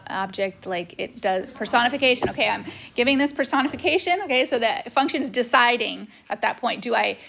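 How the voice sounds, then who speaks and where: A woman's voice: fairly high pitch, a bit bright. A woman teaching a math lesson in a chatty style, filling her talk with frequent "okay"s while she works through a whiteboard recording. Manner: chatty, says "okay" often. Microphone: tablet microphone.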